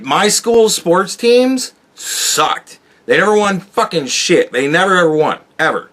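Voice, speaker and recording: A man hosting a podcast, talking casually in a rambling, profane monologue that jumps between loud outbursts and low mutters. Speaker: podcast host.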